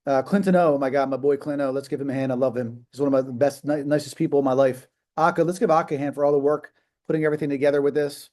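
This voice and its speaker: A man's voice: mid-range voice, steady tone, racing, a little mellow. A man in his fifties hosting a live video call, talking in a rambling, emphatic way with many restarts and fillers. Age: 50s. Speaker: host of a live business call. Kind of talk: casual motivational talk.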